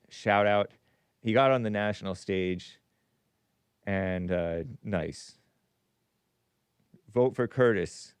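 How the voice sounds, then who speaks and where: A man hosting a call-in podcast talk show reads viewer super chats and rambles casually, animated and forever stopping to restart his sentences. He has a clear, resonant mid-range voice, recorded with no room sound.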